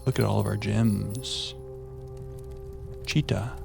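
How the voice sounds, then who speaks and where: A man streaming a puzzle game live, chatting playfully with viewers and thinking out loud. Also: on the low side, fairly even intonation, slow, creaky, music in the background. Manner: playful, chatting to viewers while musing aloud. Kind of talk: live gameplay commentary.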